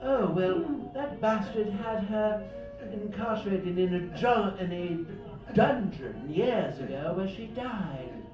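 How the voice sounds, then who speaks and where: A man's voice: sits high, lively intonation, slow, few pauses, voice pushed up. A man voicing an indignant young princess who rambles and hesitates as she complains, in a spoken story at a cafe open mic. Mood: bitter. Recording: echoey room, far mic, dull, music behind.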